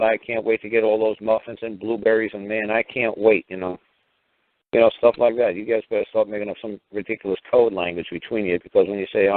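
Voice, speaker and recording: A man's voice: deep voice, dry recording. A man rambling in a casual, profane way as he retells a family court story, often repeating himself. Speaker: caller recounting a family court case. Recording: dry tinny phone line.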